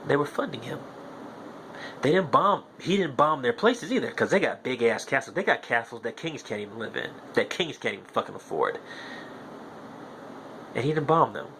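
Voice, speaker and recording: A man's voice: mid-range voice, expressive, moderate pace, pauses often, fairly bright tone, a little hiss or hum. A young man hosting a podcast, delivering a heated, profane monologue that hammers his points home through repetition. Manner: profane, ranting, repeats himself insistently. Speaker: podcast host.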